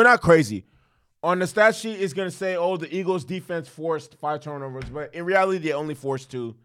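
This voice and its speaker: A man's voice: on the high side, a bit bright, smooth. A young man giving a casual football recap that turns into a heated, profane rant, with many restarts and fillers. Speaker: sports commentator, football fan.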